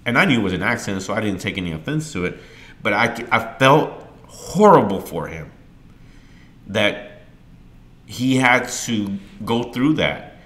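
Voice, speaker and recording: A middle-aged man hosting a podcast, telling a candid personal story earnestly and with emotion, getting loud and animated as he tells it. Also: lowish voice, unhurried, pauses often. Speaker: podcast host.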